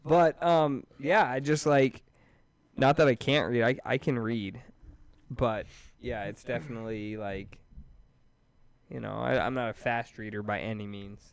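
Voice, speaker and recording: A man's voice: medium pitch, steady tone, a little slow, clear, resonant tone, no room sound. A man in his thirties co-hosting a podcast, telling stories animatedly, laughing often and dropping lots of "like" and "dude". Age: 30s. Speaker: podcast co-host. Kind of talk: casual chat.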